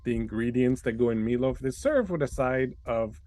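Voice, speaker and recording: A man's voice: medium pitch, expressive, moderate pace, a little mellow. Casual rambling male game master. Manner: loose, rambling narration with many fillers. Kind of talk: narrating a tabletop game.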